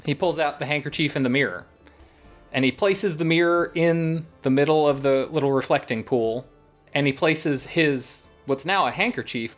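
A man playing a tabletop game, steadily describing what his character does. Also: medium pitch. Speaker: player.

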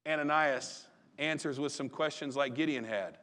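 A man preaches in a relaxed, folksy manner. He acts out the voices in the stories he tells. His voice sits a little high. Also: moderate pace. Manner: folksy, conversational preaching with dramatized quotes. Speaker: pastor. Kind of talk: sermon.

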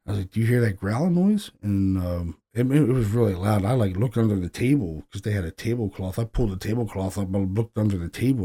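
A middle-aged man with a lowish, dark-toned voice tells the story of a paranormal investigation in a rambling, laid-back way. It's a casual storytelling monologue, dropping in the odd profane aside.

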